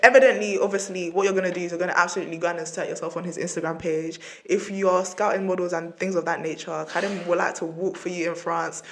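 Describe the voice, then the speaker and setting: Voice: mid-range voice, steady tone, fast talker, few pauses, slight background noise. A podcast host with a mid-range voice chats casually with a guest. The host is playful and effusive and closes out the episode on an upbeat note.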